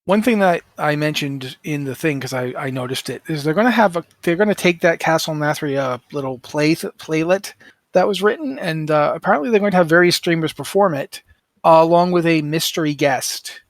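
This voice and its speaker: Middle-aged male podcast co-host, rambling and self-correcting, slightly high voice, dry close mic. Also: fairly quick, no echo. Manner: rambling, self-correcting, apologetic about names. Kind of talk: casual podcast chat.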